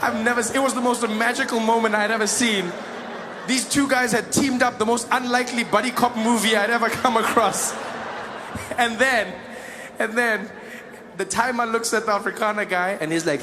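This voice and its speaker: A man from Africa, doing stand-up with animated storytelling. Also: very high-pitched, moderate pace, long reverb tail, noisy background. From South Africa. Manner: animated storytelling, laughing asides. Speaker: stand-up comedian. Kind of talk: stand-up comedy.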